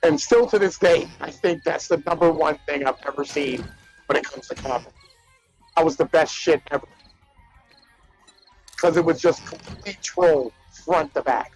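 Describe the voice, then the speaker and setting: A man co-hosting a casual chat show, retelling comedy bits in an animated, profane way with lots of "like" and "right?". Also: a little high, normal speed, pauses often, faint music behind, low-quality recording. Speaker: podcast co-host.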